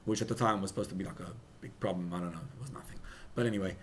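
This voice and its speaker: A young rabbi preaching at a farbrengen, emotional, building to loud emphatic peaks and mixing in Hebrew and Yiddish words. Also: male voice, low voice, racing, slight background noise. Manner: mixes in Hebrew and Yiddish terms. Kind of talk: sermon at a farbrengen gathering.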